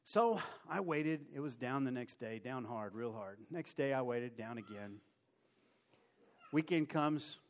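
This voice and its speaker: A man preaching and telling a personal story in a lively way, mocking himself as he acts out the scenes. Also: medium pitch. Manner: animated, self-mocking storyteller who acts out his own story. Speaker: preacher giving a testimony. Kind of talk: sermon storytelling.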